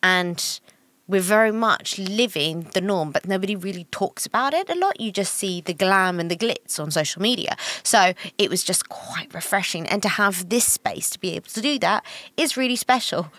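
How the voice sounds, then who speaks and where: A young woman co-hosting a casual podcast, chatty and self-mocking, with quick asides. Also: medium pitch, lively intonation, a bit bright, no echo. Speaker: podcast co-host. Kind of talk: casual chat.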